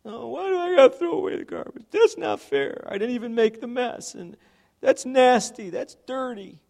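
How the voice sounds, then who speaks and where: A man's voice: lively intonation, normal speed, vocal fry, a little mellow, exaggerated voice. A man putting on a whiny school-age kid. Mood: whining. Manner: high whining complaint. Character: whiny school-age child refusing chores.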